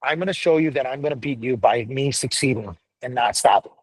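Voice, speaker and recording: A gruff middle-aged man speaking as a firefighter guest in a casual chat, blunt and profane, telling stories with energy. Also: mid-range voice, fairly quick, no echo, poor audio. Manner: blunt, profane, animated storytelling. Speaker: podcast guest, firefighter paramedic.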